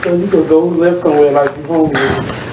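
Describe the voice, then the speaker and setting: A man co-hosting a talk radio show, blunt and skeptical as he argues his side in casual banter. His voice sits a bit high and lands from back off the mic. The studio sounds roomy and carries a steady noise. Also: fairly quick, distant mic.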